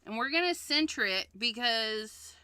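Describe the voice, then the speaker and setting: A woman's voice: a little high, animated, measured pace, sharp tone, clean tone, dry recording. A woman hosting a card-making livestream in a casual demonstration, chatty and thinking aloud, often repeating herself.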